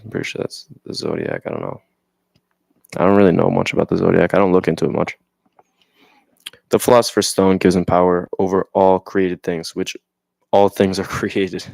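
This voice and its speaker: Young man rambling, deep and dry. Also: little pitch movement, normal speed, vocal fry, a little mellow, no echo. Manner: rambling, slangy, checks in with "right?"; reads passages aloud then riffs on them. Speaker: vlogger. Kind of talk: casual explanatory monologue.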